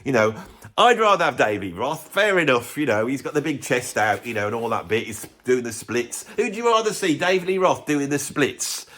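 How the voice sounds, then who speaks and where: A man, a drummer and music vlogger, giving a sarcastic, animated, opinionated rant to camera. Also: medium pitch, normal speed. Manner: sarcastic, animated, self-mocking.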